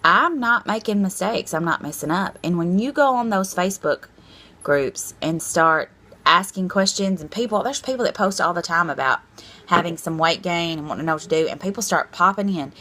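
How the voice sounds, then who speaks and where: A woman in her thirties talks straight to camera in a casual vlog, candid and a bit rambling. She is self-deprecating and frank, with a voice that sits on the lower side for a woman. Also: expressive, moderate pace, sharp tone. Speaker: vlogger.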